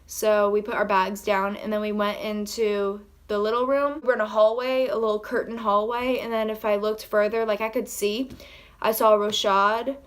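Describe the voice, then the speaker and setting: A woman telling a story in a casual vlog, rambling excitedly with lots of "like" and acting out what people said. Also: medium pitch, moderate pace, clean tone. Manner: acts out quoted lines in her own voice. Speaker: vlogger.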